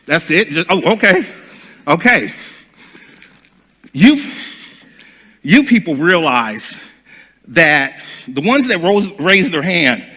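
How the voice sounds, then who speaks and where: A man giving a seminar talk, animated and acting out little dialogues as he teaches. His voice sits high and bright and swings freely in pitch. A long reverb from a lecture hall follows his words. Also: slow pace, pauses often. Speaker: speaker and trainer.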